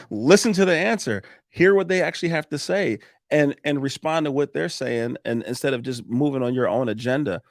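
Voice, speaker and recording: A man guesting on a podcast, talking in a lively coaching way with frequent restarts and laughs. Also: on the high side, normal speed, no echo, studio quality. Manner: animated, coaching tone, laughs often, restarts sentences. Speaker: podcast guest, roofing business owner. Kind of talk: casual podcast chat.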